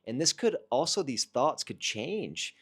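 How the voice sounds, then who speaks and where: A man's voice: medium pitch, very animated, unhurried, fairly bright tone, husky. A man earnestly recounting a personal experience to camera in a casual, reflective way, often restarting his sentences.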